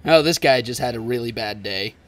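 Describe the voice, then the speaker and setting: A woman's voice: very deep voice, a little fast. A woman hosting a gaming video, joking casually with a friend as they play. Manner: joking, goofy, laughs loudly. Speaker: gaming channel host. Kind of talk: casual co-op gameplay chat.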